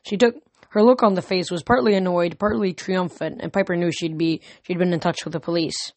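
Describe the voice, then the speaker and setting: Woman narrator, lowish voice, steady earnest reading, dry close recording. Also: fairly quick, no echo. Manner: steady, earnest storytelling with occasional slips. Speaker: audiobook narrator. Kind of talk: audiobook narration.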